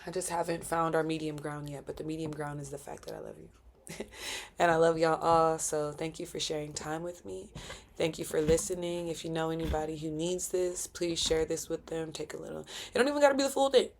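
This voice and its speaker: A woman's voice: low voice, little pitch movement, moderate pace, gravelly, a little hiss or hum. A woman hosting her own podcast, speaking in a heartfelt, preachy solo reflection full of slang. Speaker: podcast host.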